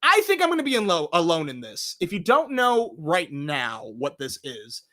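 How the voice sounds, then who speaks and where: Dude doing a live movie countdown, high voice, bouncing all over the place, loud then mumbly. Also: male voice, normal speed. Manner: excitable, swings between loud bursts and low asides, swears casually. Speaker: movie review show host. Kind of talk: casual livestream movie countdown.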